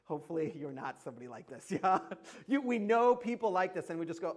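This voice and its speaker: High-voiced preacher, chatty and laughing. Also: male voice, sing-song, quick pace. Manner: conversational, laughs often, emphatic asides. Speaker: pastor. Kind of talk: sermon. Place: church.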